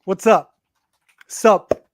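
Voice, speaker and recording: A man's voice: drawn-out words, no room sound. A man co-hosting a live movie talk show in a casual, jokey chat, laughing often.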